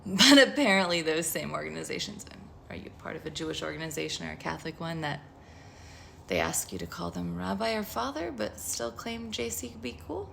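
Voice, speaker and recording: A woman's voice: on the low side, lively intonation, normal speed, vocal fry, fairly bright tone, slight background noise. A woman talking casually to camera about spirituality, frank and profane, rambling with lots of "like.". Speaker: spiritual tarot vlogger.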